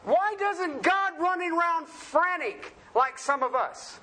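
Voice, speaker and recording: A man's voice: very high voice, lively intonation, slow pace, sharp tone. A man preaching a sermon in a folksy, joking way, often asking the congregation questions.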